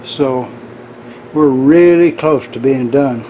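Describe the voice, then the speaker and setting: Man, mid pitch, mellow tone, folksy shop narration, faint room hum behind. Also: slow, muffled recording. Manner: folksy, relaxed joke-telling. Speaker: machinist.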